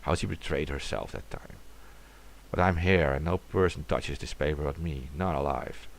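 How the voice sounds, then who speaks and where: A man's voice: extremely low pitch, moderate pace, gravelly. A man reading a classic horror story aloud in a dramatic way, sometimes dropping to a whisper.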